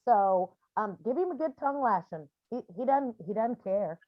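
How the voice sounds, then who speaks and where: A woman's voice: fairly high pitch, expressive, moderate pace, dry recording, lo-fi sound. A woman who works as a medium, talking casually and with energy as she leads a grief support call, acting out scenes in other voices. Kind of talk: casual video call counselling. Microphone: video call.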